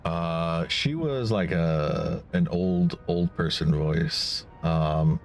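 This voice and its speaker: A man's voice: sits low, very slow, soft background music. A male streamer who mutters casual commentary to himself while playing a game. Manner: mutters to himself, self-commentary between read lines.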